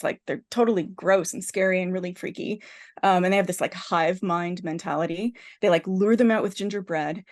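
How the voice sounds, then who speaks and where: A woman hosting a podcast, her voice sitting at an ordinary middle pitch. She retells a film's story in a lively, rambling way, full of "like" and self-corrections, as if chatting with friends. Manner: animated storyteller, heavy use of "like" and restarts. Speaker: podcast host. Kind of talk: casual podcast chat retelling a film plot.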